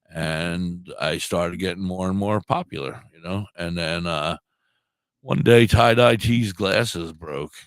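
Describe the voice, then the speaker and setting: A middle-aged man with a low, deep voice that stays smooth and resonant despite a sore throat. He co-hosts a podcast and wanders through a casual story, swearing freely and poking fun at himself. The sound is dry and close, with no room around it. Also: dry recording. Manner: rambling, swears freely, self-deprecating. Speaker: podcast co-host.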